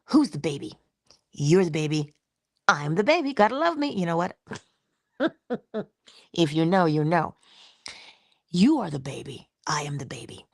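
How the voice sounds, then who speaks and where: A middle-aged woman giving an inspirational spiritual talk in a conversational, expressive way, slipping into little acted-out quotes. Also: low-pitched, slow pace, vocal fry, pauses often, husky, dry recording, studio quality. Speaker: inspirational speaker.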